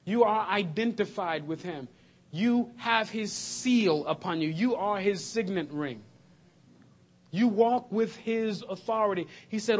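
A man preaching a sermon to his congregation, animated, laughing and shouting at times. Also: sits high. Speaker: pastor. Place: church sanctuary.

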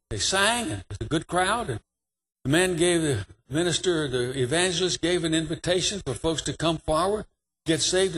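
Animated high-voiced preacher man. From New York. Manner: animated testimony, rising to fervent emphasis. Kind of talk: sermon storytelling.

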